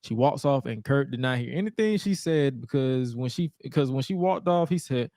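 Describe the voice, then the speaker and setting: A man's voice: medium pitch, expressive, moderate pace, hardly any pauses, dark tone, dry recording, clean studio sound. A man co-hosting a podcast, recapping old wrestling shows in a laid-back, joking, profane way. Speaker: podcast co-host. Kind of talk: casual wrestling recap chat.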